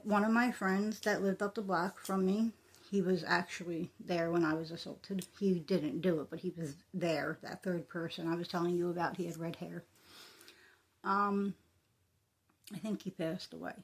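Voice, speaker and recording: A middle-aged woman recounts a memory from her own life. She talks casually and plainly, using "like" often and repeating words for emphasis. Her pitch sits in an ordinary middle range for a woman. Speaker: storyteller. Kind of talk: casual personal storytelling.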